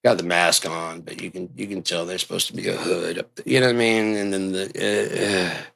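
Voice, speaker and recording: A man with a low, gravelly voice and a bright, forceful edge rants on in a rambling monologue. He swears constantly and jumps without warning into loud, heated outbursts. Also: steady tone, fairly quick. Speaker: show host.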